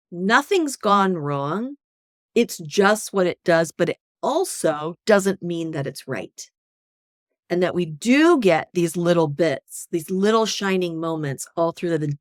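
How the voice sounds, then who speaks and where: A woman working as a hypnosis coach, speaking in an animated, conversational way and often checking in with "right?". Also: lowish voice, no echo, clean studio sound. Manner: animated, often tags "right?", acts out inner voices. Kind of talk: conversational interview.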